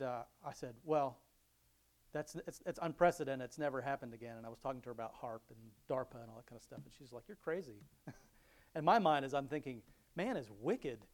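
A middle-aged man giving a casual devotional talk, rambling, chuckling often and restarting his sentences. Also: medium pitch. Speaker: Christian speaker.

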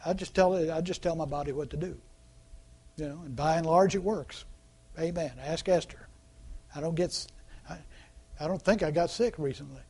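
A pastor delivers his sermon in a relaxed, talkative way, asking the congregation questions and slipping into mocking voices to act out what people say. His voice sits fairly high for a man. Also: normal speed, long pauses, slightly rough. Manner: conversational preaching with rhetorical questions and call-outs; acts out quoted voices mockingly.

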